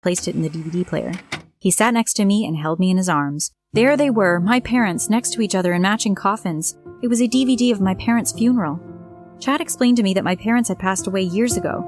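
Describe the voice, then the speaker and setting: Woman, story narrator, mid pitch, soft music bed. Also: a little fast. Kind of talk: scripted first-person story narration.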